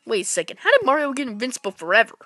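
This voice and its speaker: Bright, goofy woman gamer. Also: a little high, sing-song, rapid-fire, no room sound, soft background music. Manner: goofy and playful, jumping between whispers, squeals and shouts. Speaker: gameplay commentator. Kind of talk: casual let's-play commentary.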